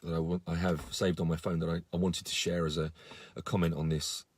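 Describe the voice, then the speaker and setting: Husky deep-voiced man, indignant and earnest. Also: level tone, fairly quick. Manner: earnest, indignant, many fillers and restarts. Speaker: campaigner on a live video. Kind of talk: casual live-stream update.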